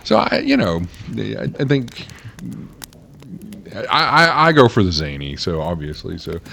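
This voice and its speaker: A man's voice: on the low side, big pitch swings, unhurried, creaky, bright, forceful tone. A man from the States, co-hosting a casual chat about tabletop games and rambling with many fillers. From Southern United States. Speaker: podcast co-host, dungeon master.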